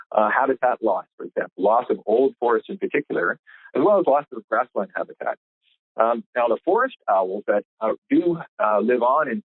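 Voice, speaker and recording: A man, a biologist, explaining things in a measured way with frequent pauses on a conference call. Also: mid-range voice, breathy edge, no echo. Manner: measured, hesitant fillers. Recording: tinny phone line, dry.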